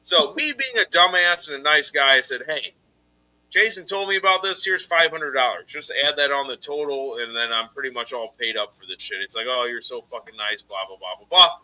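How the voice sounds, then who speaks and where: A man on a collectors' live stream telling a heated story, swearing heavily and loudly acting out his own angry replies. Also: medium pitch, lively intonation, a little fast, poor audio. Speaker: podcast host telling a story. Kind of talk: casual live stream chat.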